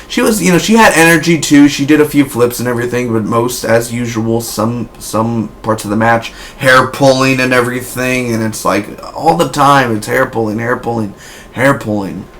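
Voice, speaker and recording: A young man giving a casual, rambling spoken review, with frequent restarts and fillers. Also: slight background noise. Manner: rambling, restarts often, bursts into loud high woo shouts. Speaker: wrestling reviewer.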